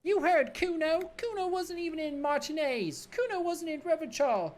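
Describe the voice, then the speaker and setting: A woman's voice: extremely high pitch, expressive, moderate pace, a little mellow, voice pushed up. A woman voicing a crude, cocky twelve-year-old boy who talks about himself in third person. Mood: sneering swagger.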